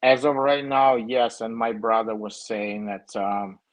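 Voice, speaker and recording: A man's voice: fairly low pitch, flat delivery, measured pace, no echo, low-quality recording. A young man with a Ukrainian accent who grew up in Ukraine, answering questions over a video call in a casual, hesitant way with many fillers. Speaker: guest.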